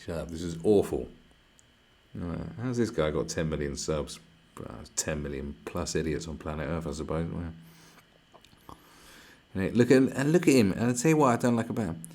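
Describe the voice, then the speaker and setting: A man's voice: sits low, expressive, moderate pace, pauses often, a little mellow, slight background noise. A young man streaming live, ranting crudely and mocking the video in front of him, laughing often. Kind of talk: profane ranting reaction stream.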